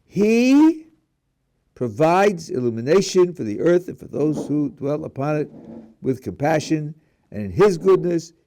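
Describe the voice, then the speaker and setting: A middle-aged rabbi teaches a class on prayer, walking his students through it step by step, posing questions and often restarting words. His voice is a little high and mellow.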